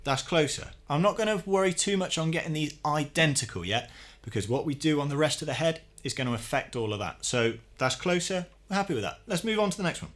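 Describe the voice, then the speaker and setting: Calm man teaching drum tuning. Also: a little high, fast, soft background music. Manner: calm, methodical, talks while working. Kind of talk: hands-on tutorial demonstration.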